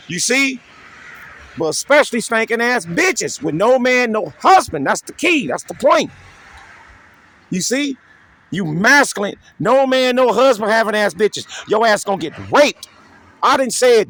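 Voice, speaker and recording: A man with a high voice that swings widely up and down preaches an improvised, profane sermon. He quotes scripture, asks "you see?" again and again, and lets out sudden whoops. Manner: keeps asking "you see?", reads scripture aloud, breaks into loud whoops. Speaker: street preacher.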